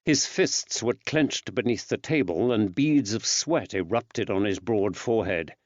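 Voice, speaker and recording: A man reading an audiobook as the narrator, in a measured, expressive way. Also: on the low side, no room sound. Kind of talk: scripted narration. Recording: dry, slightly dull recording.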